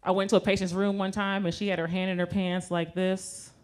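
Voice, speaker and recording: A woman's voice: mid-range voice, little pitch movement, brisk, a little mellow, clean tone. A woman doing a stand-up comedy set with a brash, profane, conversational delivery. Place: comedy club stage with live audience. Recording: audience laughter and noise.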